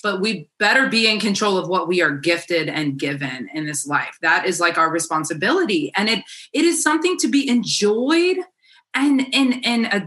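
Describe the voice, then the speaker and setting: Emphatic woman life coach, bright voice. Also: medium pitch, expressive, moderate pace. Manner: emphatic, encouraging, blunt with casual swearing. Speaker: faith-based life coach guest. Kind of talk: casual podcast conversation.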